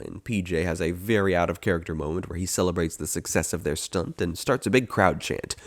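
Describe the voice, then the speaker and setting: Low-voiced man recapping a cartoon film. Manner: wry, digressive, with frequent filler uhs. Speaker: podcast host. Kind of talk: casual scripted recap.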